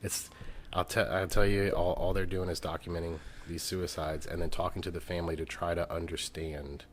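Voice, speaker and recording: A man's voice: sits low, flat delivery, a little fast, a little hiss or hum. A man co-hosting a faith podcast, earnestly retelling someone else's story at length in casual chat. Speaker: podcast co-host.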